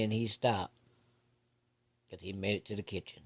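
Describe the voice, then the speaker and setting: A man's voice: on the low side, brisk, long pauses, darkish tone. Folksy man telling a ghost story. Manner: folksy, plain-spoken with casual swearing.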